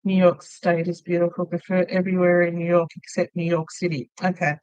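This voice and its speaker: A woman's voice: lowish voice, little pitch movement, fairly quick, a little mellow, clean tone, no echo, poor audio. Chatty Australian woman hosting a livestream. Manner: chatty, laughs often, tells stories. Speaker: crochet livestream host. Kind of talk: casual live chat reading viewer comments.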